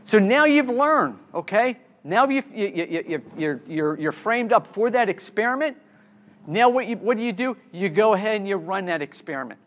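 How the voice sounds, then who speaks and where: A man's voice: high-pitched, animated, normal speed, a bit bright. A man giving a live keynote talk on a conference stage, quizzing the audience and repeating key words, with frequent restarts.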